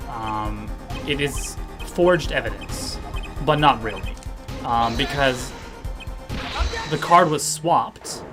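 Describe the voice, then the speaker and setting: Guy streaming a game, chatty and giggly, mid pitch, loud game music behind. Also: lively intonation. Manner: chatty, laughs often, puts on quick silly voices. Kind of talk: casual let's-play chat.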